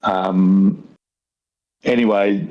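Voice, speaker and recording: A man's voice: low voice, steady tone, very slow, highs cut off. An older man from Australia with a broad rural Australian accent, telling rambling stories with dry humour in a casual chat. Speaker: guest.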